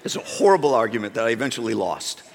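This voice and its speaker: A man preaching a sermon and telling a comic personal story, animated, jumping from shouts to a low, quiet tone. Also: fast, vocal fry, a little hiss or hum. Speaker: pastor. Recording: long hall reverb.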